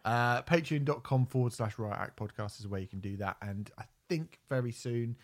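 A man's voice: medium pitch, moderate pace. A hungover man hosting a podcast, chatting casually, joking and swearing. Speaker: podcast host. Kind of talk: casual chat.

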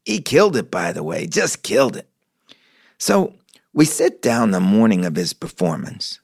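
A man's voice: fairly low pitch, wildly swooping pitch, moderate pace, vocal fry, no echo, clean studio sound. A middle-aged man hosting a podcast, telling stories and reading sponsor ads with enthusiasm. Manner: enthusiastic storyteller. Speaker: podcast host. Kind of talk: conversational host reading ads.

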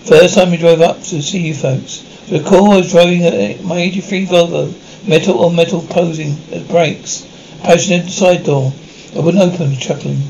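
A man reading a television episode script aloud, stage directions and sound cues included, all in one even voice. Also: on the high side, normal speed, a little hiss or hum, low-quality recording. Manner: reads every part and cue in one even voice. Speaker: script reader.

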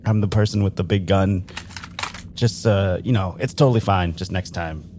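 A man playing Kumari, an awkward, touchy crew member who talks in halting, apologetic bursts. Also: low voice, darkish tone, slight background noise, lightly acted.

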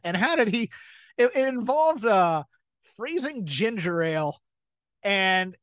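A man's voice: high voice, expressive, moderate pace, a bit bright, no room sound. A man co-hosting a podcast, chatting casually in a jokey, rambling way with frequent laughter. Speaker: podcast co-host. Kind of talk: casual chat.

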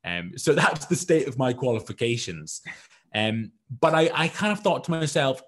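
A man from the United Kingdom, appearing as a guest entrepreneur in an interview, tells his story casually. His voice is mid-range with lively intonation, he speaks a little slowly, and his account rambles in a self-deprecating way.

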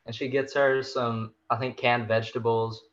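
A man's voice: mid-range voice, little pitch movement, moderate pace, a bit bright. A man guesting on a podcast, retelling a story in a laid-back, slangy way. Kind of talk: casual literary discussion. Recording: dull, lo-fi remote audio.

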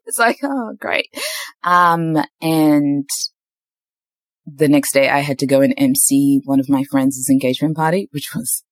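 A woman's voice: deep voice, fairly even intonation, a little slow, no room sound. A young woman telling a candid personal faith story in casual chat, with frequent ums and likes. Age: young adult. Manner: candid, faith-filled storytelling with lots of fillers. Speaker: podcast host.

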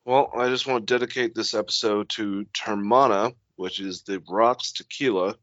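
A man's voice: fairly low pitch, fairly even intonation, normal speed, fairly bright tone, dry recording, highs cut off. A young man co-hosting a casual podcast, laid-back and rambling, swearing casually. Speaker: podcast co-host.

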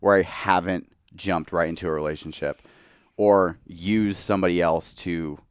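A man's voice: low voice, steady tone, moderate pace, clear, resonant tone, no echo, studio quality. A young man talking candidly as a podcast guest, a bit tipsy from tequila, filling his speech with "like.". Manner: candid, heavy use of "like". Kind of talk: casual chat.

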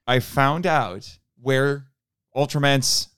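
A man's voice: medium pitch, slow, clean tone, no echo, studio quality. A man from Indiana co-hosting a podcast, telling stories in casual chat, laughing often and acting out what people said. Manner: animated storyteller, laughs often, acts out quotes. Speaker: podcast co-host.

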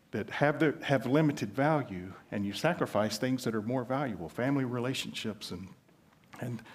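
A male preacher with a Southern US lilt delivers a sermon in a relaxed, conversational tone. His voice sits at an ordinary middle pitch. He moves easily from teaching into storytelling. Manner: conversational preaching with illustrative stories. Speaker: pastor.

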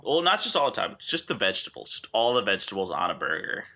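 A man with a lowish, very forceful voice co-hosting a podcast. He chats casually and tosses in deadpan wisecracks. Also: quick pace. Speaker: podcast co-host. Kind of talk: casual chat.

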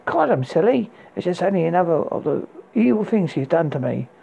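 A man's voice: sits high, sing-song, fairly quick, gravelly, dark tone, highs cut off, a little hiss or hum, exaggerated voice. A man voicing a moody young woman, Rapunzel, locked in a tower, in a storybook reading. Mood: despairing.

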